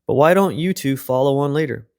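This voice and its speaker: A man's voice: mid-range voice, lively intonation, fairly quick, gravelly, dry recording, clean studio sound. A man voicing a practical adult female mouse in a storybook reading. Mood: brisk.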